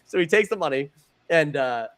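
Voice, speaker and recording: A man co-hosting a podcast, telling stories in a profane, animated way and stumbling over repeated words. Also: a little high, moderate pace. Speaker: podcast co-host. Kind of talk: casual podcast chat.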